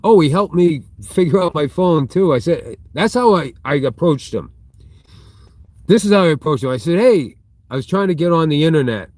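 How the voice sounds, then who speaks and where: A man's voice: a little high, lively intonation, fairly quick, darkish tone, no echo. A middle-aged man live streaming from inside a store, telling a long rambling story and breaking off to answer viewer chat. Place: inside a big retail store.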